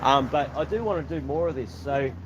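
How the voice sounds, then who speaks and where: A man's voice: mid-range voice, fairly quick, dull audio, noisy background. An Australian man chatting casually on a livestream outdoors, rambling and thanking viewers by name. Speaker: livestream host. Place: outdoors beside an old truck.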